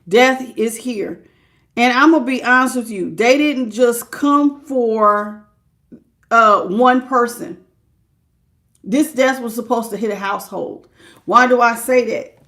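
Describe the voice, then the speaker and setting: Woman, tarot reader on a live stream, a little high in pitch, conversational, breaks off to greet her chat. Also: takes it slowly. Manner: conversational, thinking aloud, interrupts herself to welcome viewers by name; warm and familiar with viewers.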